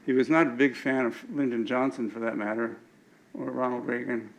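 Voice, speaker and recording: A man's voice: mid-range voice, steady tone, moderate pace, vocal fry, low-quality recording. An older man giving an anecdotal lecture with slides at an alumni event, often stumbling and restarting his words.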